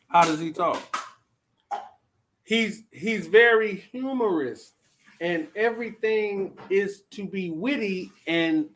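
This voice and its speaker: Man, high lively voice, unhurried, blunt live-stream commentary. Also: slight background noise. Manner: blunt, animated, addresses viewers directly. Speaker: vlogger reacting to live chat.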